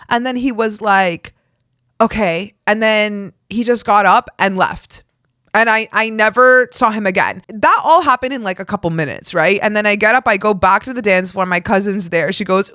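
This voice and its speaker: A woman's voice: mid-range voice, moderate pace, fairly bright tone, dry recording, clean studio sound. A woman hosting a podcast alone, telling a personal story in a frank, profane way and acting out the lines of the people in it. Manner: frank and profane, acts out quoted dialogue. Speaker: podcast host. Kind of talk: candid solo storytelling.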